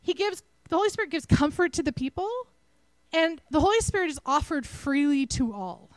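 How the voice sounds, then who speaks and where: A woman with a Texan accent giving a conversational, animated sermon to her church. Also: sits high, brisk, no room sound, low-quality recording. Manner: conversational, animated, self-deprecating. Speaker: preacher.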